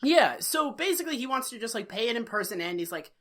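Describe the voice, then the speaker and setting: A woman co-hosting a casual podcast, recapping an old TV episode in a profane, animated way and slipping into quick impressions. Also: on the high side, slight background noise. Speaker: podcast co-host.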